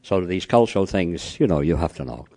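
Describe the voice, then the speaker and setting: A man's voice: deep voice, animated, brisk, dark tone. A man lecturing a live audience on cross-cultural communication, telling anecdotes, peppering his talk with "you know" and quizzing the room. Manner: frequent "you know" fillers.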